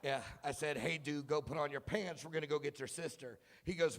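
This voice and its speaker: At a comedy club, a man in his thirties performs stand-up through a handheld stage mic, spinning self-deprecating tales about his children and erupting into shouted punchlines. His voice is slightly high and fairly quick, with a little background noise.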